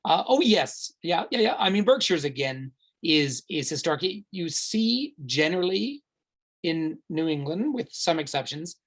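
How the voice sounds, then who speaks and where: A man's voice: fairly high pitch, very animated, a little slow. Chatty, rambling tour guide man. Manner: rambling, chatty, many fillers and restarts; enthusiastic, recommends warmly. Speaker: tour guide hosting a virtual tour. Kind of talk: live Q&A, answering viewer questions.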